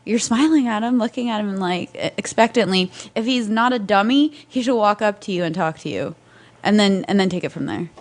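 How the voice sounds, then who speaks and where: A woman co-hosting an advice show, giving calm, practical, direct advice. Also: medium pitch, fairly quick. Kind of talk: casual advice chat.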